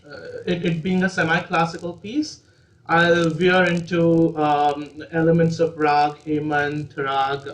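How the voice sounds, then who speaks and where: A man on a video call, graciously introducing his performance, soft-spoken with frequent fillers. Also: a little high, roomy sound, rough recording. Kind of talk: polite introduction.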